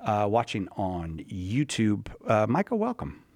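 A man hosting a call-in radio show, brisk and teasing, repeating the phone number between calls. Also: lowish voice, wildly swooping pitch, darkish tone, no echo. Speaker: radio host.

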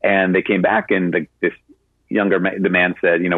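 On a radio call-in show, a Catholic priest answers a caller in a low voice with little pitch movement, speaking at a moderate pace. He tells stories conversationally, filling his speech with lots of fillers. There's no echo, and the audio has a narrowband broadcast sound.

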